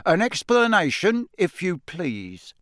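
A man playing a blustering, middle-aged male wizard official who barks his accusations loudly. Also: high voice, very animated, takes it slowly, no echo, clean studio sound, pitched above the performer's own voice, heavily acted. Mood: accusing. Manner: barking, loud, accusing. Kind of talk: audiobook character voice.

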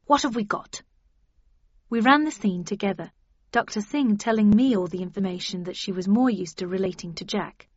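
A woman narrating an audiobook in a steady, wry storytelling manner. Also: medium pitch, no room sound, dull audio.

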